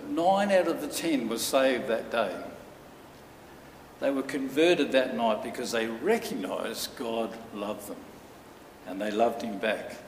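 A man preaches in a church hall, building his story with earnest, dramatic pauses. He sounds set back from the microphone, and his voice rings out in a long, echoing reverb. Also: on the high side, slight background noise. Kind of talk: sermon. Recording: echoey hall from far off.

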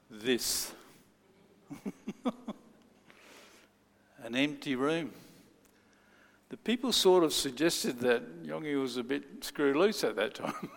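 A man's voice: fairly high pitch, gravelly. A man preaching a sermon, telling a story and acting out the people in it. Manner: storytelling, acts out quoted voices. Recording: long hall reverb.

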